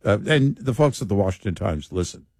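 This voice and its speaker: A man co-hosting a talk radio show, chatting casually with quick replies and dry humor. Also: lowish voice, animated, a little mellow, husky, dry recording. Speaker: radio co-host.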